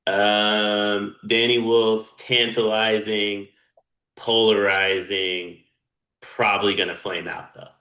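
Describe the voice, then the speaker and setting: A man's voice: on the low side, fairly even intonation, slow, few pauses, bright, forceful tone. A man co-hosting a sports podcast, tossing out dry, joking one-liners in casual banter. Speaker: podcast co-host. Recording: echoey room.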